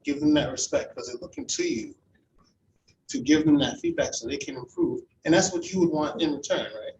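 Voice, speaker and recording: A man's voice: a little high, lively intonation, brisk, darkish tone, muffled recording, slight background noise. A man teaching a club audience how to give speech feedback, in a conversational, encouraging way and asking the audience questions. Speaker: club speaker teaching evaluation. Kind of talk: instructional talk to a club audience. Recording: echoey room, heard from a distance.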